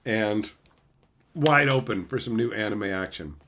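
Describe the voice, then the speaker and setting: A man's voice: fairly low pitch, measured pace, fairly bright tone. A man hosting a casual livestream, reading chat aloud in a laid-back, joking way. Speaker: streamer host.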